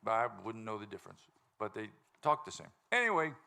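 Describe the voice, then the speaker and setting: A man's voice: lowish voice, very animated, a little fast, vocal fry, pushed and bright, clear, resonant tone. A man hosting a live music show, chatting and joking loosely with a laughing crowd from the stage. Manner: joking, rambling, laughs often. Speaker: show host and band singer. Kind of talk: casual stage banter before a live audience.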